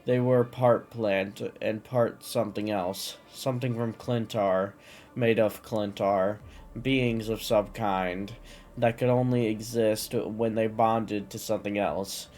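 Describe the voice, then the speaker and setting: A man's voice: on the low side, a little mellow. A man casually reading a fantasy story aloud, often stumbling and restarting words. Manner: stumbles and restarts, occasional coughs. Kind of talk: casual reading of fan lore.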